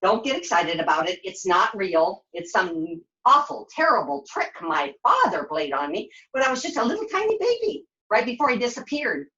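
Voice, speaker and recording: A woman puppeteer voicing a chatty, excitable young girl who talks in quick, sassy bursts during a puppet show. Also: medium pitch, muffled recording. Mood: sassy, excited. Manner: breathless, sassy, quick to exclaim.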